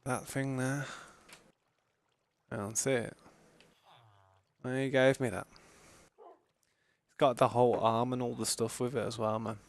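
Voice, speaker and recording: A man's voice: medium pitch, steady tone, a little slow, gravelly, long pauses. A man streaming from home, chatting casually into a desk mic in a rambling, slangy way. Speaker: gaming streamer. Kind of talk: casual live-stream chat. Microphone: desk microphone.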